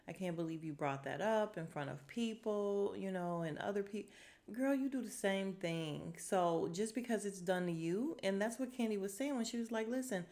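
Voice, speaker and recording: A woman hosting a casual podcast, recapping with a sassy, animated delivery and quick quoted asides. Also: mid-range voice. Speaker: podcast host recapping a reality show. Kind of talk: casual chat.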